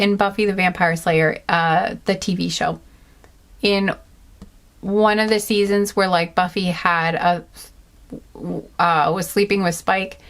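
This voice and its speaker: A woman giving a casual pick-a-card reading, rambling and giggling, with "like" in nearly every phrase. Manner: rambling, says 'like' constantly, giggly; acts out quoted reactions in a higher pitch. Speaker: tarot card reader.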